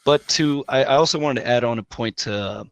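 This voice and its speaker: A man talking as a guest on a casual panel, animated and quick to interrupt himself. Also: mid-range voice, vocal fry, clean tone, no echo. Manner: animated, self-interrupting, laughing asides.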